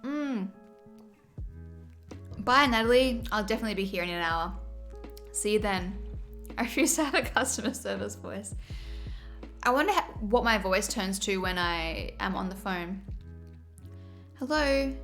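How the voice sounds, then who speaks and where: Woman rambling on her stream, giggly and animated, mid pitch, faint music behind. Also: normal speed. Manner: chatty, giggly, animated storyteller. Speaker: livestreamer. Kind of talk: casual livestream chat.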